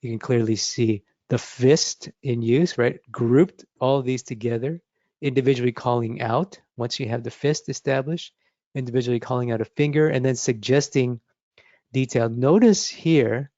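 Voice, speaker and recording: A man in his forties leads a drawing lesson with mellow, warm enthusiasm, repeating key words for emphasis and punctuating with playful sound effects. The recording is dry and a touch dull, with no room around the voice. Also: medium pitch, normal speed, no room sound. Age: 40s. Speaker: art instructor. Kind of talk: drawing lesson with live demonstration.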